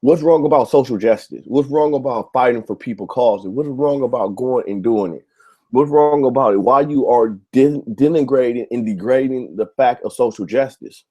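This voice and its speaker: Man, show host, angry rant, swears a lot, repeats himself, warm dark tone. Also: mid-range voice, moderate pace, breathy edge, lo-fi sound. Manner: heated, profane, repetitive. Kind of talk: ranting monologue to camera.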